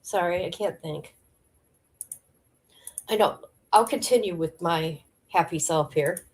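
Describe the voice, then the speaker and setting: A woman's voice: fairly low pitch, takes it slowly, a little mellow. A woman hosting a livestream, chatting casually and talking straight to her viewers about celebrity gossip. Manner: chatty, addresses viewers directly. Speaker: livestream host.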